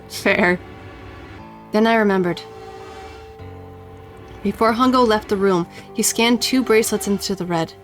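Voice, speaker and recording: A woman's voice: mid-range voice, measured pace, long pauses, soft background music. A young woman streaming a visual novel, reading its text aloud and reacting bluntly.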